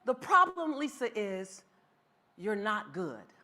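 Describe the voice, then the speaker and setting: A woman voicing a stern female office supervisor, dropping into a lower, quiet, flatly blunt tone. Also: slow, exaggerated voice.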